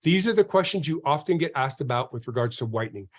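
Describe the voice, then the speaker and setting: A man's voice: mid-range voice, lively intonation, fast talker. A man hosting a dental marketing webinar in a casual, chatty way, often repeating himself and acting out quotes.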